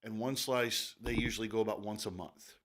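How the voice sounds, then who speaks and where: A man co-hosting a radio talk show in a studio. His voice sits on the low side. He explains things in an unhurried, conversational way, with frequent fillers and restarts. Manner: relaxed, thinking aloud with fillers. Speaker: radio co-host.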